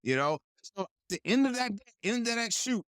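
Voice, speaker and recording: A man's voice: extremely high pitch, a little fast, clear, resonant tone, no echo, studio quality. A man who is a guest actor, telling a story in casual chat and animatedly acting out the voices he quotes. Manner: animated, acts out quoted voices, laughs often.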